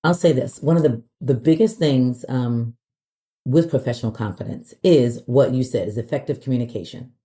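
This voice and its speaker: Dark-voiced woman guest, confident. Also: a bass voice, moderate pace. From US South. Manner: confident, speaks clearly, with frequent fillers. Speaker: podcast guest. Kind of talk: casual interview talk.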